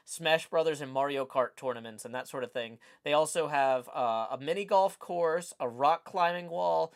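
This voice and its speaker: A man with a Southern US accent chatting casually on his livestream as host, rambling with lots of fillers. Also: a little high. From Tennessee. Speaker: streamer host.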